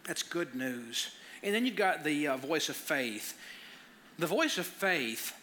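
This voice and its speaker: A man's voice: on the high side, expressive, takes it slowly, pushed and bright, slight background noise. A man preaching a conversational sermon, telling personal stories and often stammering and repeating words. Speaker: pastor.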